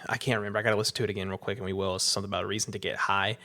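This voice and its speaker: A man co-hosting a casual podcast chat, hoarse and losing his voice, rambling and hesitant and often clearing his throat. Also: lowish voice, flat delivery, very fast, sharp tone. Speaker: podcast co-host.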